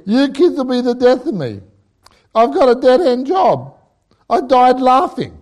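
A man's voice: very high-pitched, very animated, a little slow, a little mellow. A middle-aged Australian man preaching a sermon, telling jokey stories and laughing at his own lines. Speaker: pastor.

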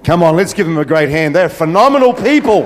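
A man's voice: a little high, sing-song, fast. A middle-aged man, a senior pastor telling funny stories in a sermon with many fillers. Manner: humorous, anecdotal, many fillers. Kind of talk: sermon storytelling. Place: church hall. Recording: long hall reverb.

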